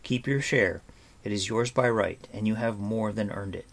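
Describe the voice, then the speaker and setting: A man voicing an earnest, protective young man in a measured, plain tone. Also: fairly low pitch, creaky. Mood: gentle.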